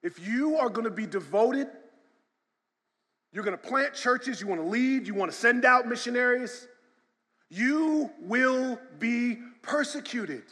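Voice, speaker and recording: High-voiced pastor preaching in a hall. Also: male voice, expressive, a little slow. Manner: swings from loud shouted emphasis to quiet storytelling. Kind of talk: sermon. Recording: long hall reverb.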